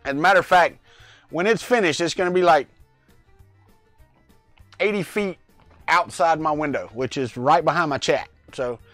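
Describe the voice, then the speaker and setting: A man's voice: on the high side, normal speed, long pauses, fairly bright tone, no echo, soft background music. A middle-aged man hosting a casual livestream from his home workspace, rambling and greeting viewers in the chat by name, talking into a lavalier mic. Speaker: livestream host. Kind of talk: casual live-chat vlog.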